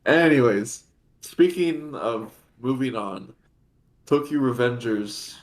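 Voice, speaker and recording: A young man co-hosting a casual podcast, blunt and joking with a deadpan delivery. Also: medium pitch, slow pace. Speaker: podcast co-host. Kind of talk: casual chat.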